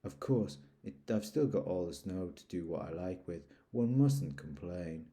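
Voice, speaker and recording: A man's voice: sits low, animated, warm tone. Eeyore, a gloomy donkey, as a man puts him on. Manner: slow, mournful, grumbling. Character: gloomy old grey donkey, melancholy and self-pitying.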